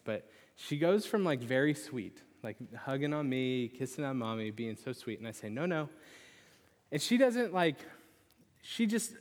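Young male pastor in a reverberant hall. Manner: animated storytelling, lively pitch swings. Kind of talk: sermon with personal story. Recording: long reverb of a large hall.

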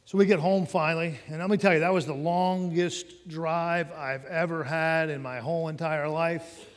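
A man's voice: fairly high pitch, steady tone, normal speed. Storytelling man in an echoing hall. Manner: storytelling, conversational, addresses listeners directly. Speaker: preacher giving testimony. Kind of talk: personal testimony sermon. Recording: long hall reverb.

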